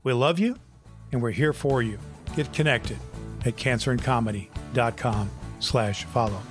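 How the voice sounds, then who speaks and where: A man's voice: medium pitch, moderate pace, music in the background. A man hosting a podcast, giving earnest, motivational encouragement and telling a joke. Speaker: podcast host.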